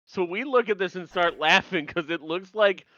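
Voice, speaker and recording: A man co-hosting a casual podcast, recapping a TV episode, animated and laughing and jumping in over his co-host. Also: high voice, normal speed, no room sound, highs cut off.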